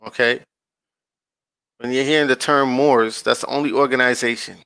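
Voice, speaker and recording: A man hosting his online channel, reading aloud from a screen-shared page and commenting in a slow, drawn-out way, often checking in with his viewers and talking to them in casual slang. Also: mid-range voice, fairly even intonation, pushed and bright, clean tone, no room sound, rough recording.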